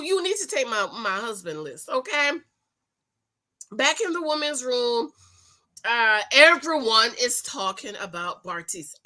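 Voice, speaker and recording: A middle-aged woman chatting casually to her viewers while recapping a TV show, animated and laughing often. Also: on the high side. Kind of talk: casual reaction commentary.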